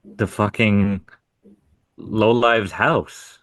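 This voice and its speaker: A hardscape contractor co-hosting a podcast tells stories about his contracting work in relaxed, profane casual chat. His fairly low voice is steady in tone and a bit bright, and he speaks very slowly, recorded with no echo.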